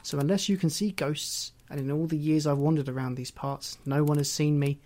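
A man reading as the ghost of a murdered woman, telling her story quietly and wryly. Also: on the high side, steady tone, a little fast, lightly acted. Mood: wistful. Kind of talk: audiobook reading.

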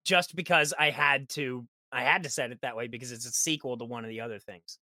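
A man on a podcast chatting as a guest game master, telling lively stories and acting out what his players and characters said. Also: medium pitch, fairly quick, no echo. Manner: lively storyteller who acts out quoted characters. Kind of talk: casual podcast chat.

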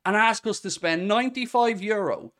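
A man in his forties hosting a football fan podcast, talking in a frustrated, swearing rant with sudden loud outbursts. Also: high-pitched, normal speed. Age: 40s. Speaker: podcast host.

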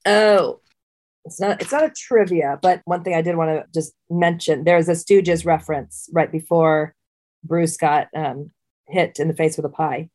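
Woman, lowish pitch, chatty podcast co-host, casual trivia banter. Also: fairly even intonation, a little slow, darkish tone. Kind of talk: casual chat and trivia quizzing.

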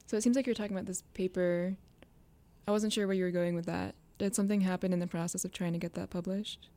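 A woman's voice: lowish voice, steady tone, fast talker, mellow, no echo. A woman interviewing a guest, asking probing questions and giving short affirmations. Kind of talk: conversational interview.

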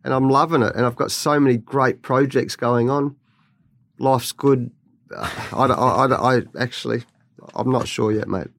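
A middle-aged man with an Australian accent, a guest in a studio chat, telling lively stories and laughing often. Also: mid-range voice, normal speed, gravelly. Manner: animated storyteller, laughs often. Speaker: guest, former cricket coach. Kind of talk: podcast interview chat.

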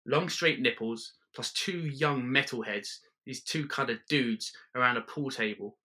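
Deadpan man telling a story. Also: mid-range voice, measured pace. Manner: dry, deadpan delivery with detailed asides. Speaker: comedian. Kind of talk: comic second-person storytelling.

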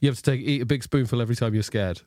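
A man chatting on a podcast, quick and teasing. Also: mid-range voice, darkish tone, no echo. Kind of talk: casual chat.

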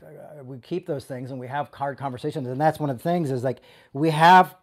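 A man's voice: on the high side, a little mellow. A man giving a conversational sermon as a pastor, speaking with passion and often restarting and stumbling over his words.

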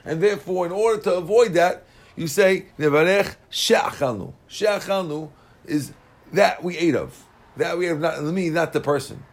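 A man teaching a Talmud class, explaining Aramaic and Hebrew phrases in plain terms with lively energy. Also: fairly high pitch, normal speed.

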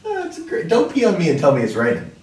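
A man's voice: on the high side, wildly swooping pitch, fast, a little mellow. A man co-hosting a podcast, chatting in a joking, giggly way. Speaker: podcast co-host. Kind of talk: casual chat. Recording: echoey room from far off.

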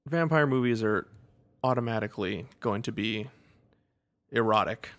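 A man's voice: lowish voice, normal speed. A man co-hosting a casual movie podcast, wry and chuckling as he retells scenes. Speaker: podcast co-host. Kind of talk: casual movie-recap chat.

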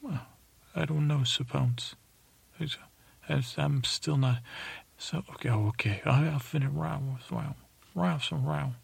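A man's voice: on the high side, a little slow, gravelly, long pauses, husky, dry recording, pitched above the performer's own voice, heavily acted. A man putting on a raised, bewildered voice for himself in a bedtime story, stammering out questions. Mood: puzzled. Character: the narrator's own younger self, puzzled and questioning.

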